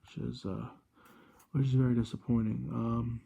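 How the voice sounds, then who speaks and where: A man in his twenties hosting a casual gadget review vlog from a room at home, rambling and halting, with constant self-corrections. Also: mid-range voice, flat delivery, vocal fry, dark tone, breathy edge, muffled recording. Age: 20s. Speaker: channel host.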